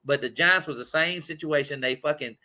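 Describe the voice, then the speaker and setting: A man's voice: a little high, brisk, sharp tone. A man from Indianapolis hosting a podcast, telling rambling, profane sports stories in casual chat. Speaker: podcast host.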